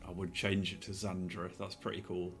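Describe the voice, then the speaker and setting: A soft-spoken British man with a fairly low voice chats casually on a live stream and drifts from one tangent to the next. Faint music plays behind him. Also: level tone, moderate pace, creaky. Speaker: Twitch streamer. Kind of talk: casual chat while streaming.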